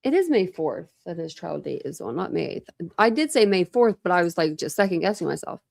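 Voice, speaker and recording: A woman's voice: fairly low pitch, sing-song, fairly quick, vocal fry. A woman hosts a casual true crime livestream in a chatty, meandering way. She piles on fillers and restarts as she talks loosely to her viewers. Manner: rambling, filler-heavy, chatty. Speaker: true crime channel host.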